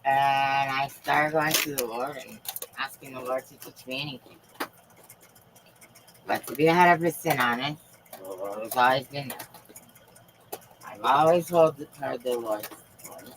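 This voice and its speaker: A woman's voice: a bass voice, a little slow, long pauses, a little hiss or hum, poor audio. A woman hosting a live stream, talking in a rambling, profane and fervent way. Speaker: livestream host.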